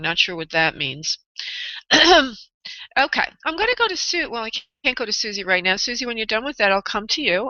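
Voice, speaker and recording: A woman's voice: mid-range voice, pushed and bright, no echo. A woman with a New York accent hosting a live call-in psychic radio show, chatty and laughing often. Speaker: psychic medium radio host. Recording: dull lo-fi internet radio audio.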